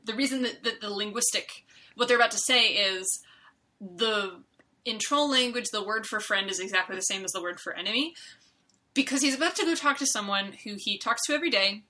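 A young woman co-hosting a podcast, chatting in a rambling, animated way. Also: mid-range voice, a little hiss or hum. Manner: rambling, animated, quick to laugh. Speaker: podcast co-host. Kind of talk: casual chat.

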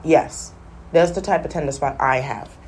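A young woman, telling stories in a sassy, animated casual rant, coughing now and then. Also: sits low, moderate pace, a little hiss or hum. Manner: animated, sassy storytelling with patois slips. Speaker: vlogger. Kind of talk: casual smoking-session rant.

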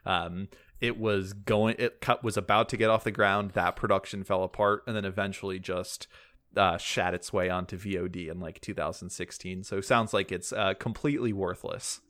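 A man with a lowish voice co-hosts a casual film podcast. He talks in a wry, rambling way, tossing in casual swearing as he goes. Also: a bit bright. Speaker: podcast co-host.

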